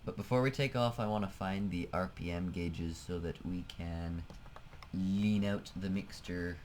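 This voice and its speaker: A man's voice: deep voice, steady tone, measured pace, a little mellow, a little hiss or hum, rough recording. A man giving casual, self-mocking commentary while playing a flight game, laughing often. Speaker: let's play gamer.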